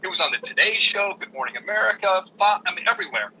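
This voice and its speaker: A man, a sports broadcaster, telling an animated anecdote in an interview. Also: high voice, quick pace, low-quality recording. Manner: animated storyteller with many restarts. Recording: radio call with faint noise.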